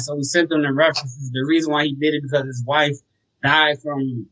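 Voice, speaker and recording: Slangy man, slightly high voice. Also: brisk, rough recording. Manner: relaxed, slangy, tells stories with acted quotes. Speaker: guest, sober home operator. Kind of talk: casual podcast talk.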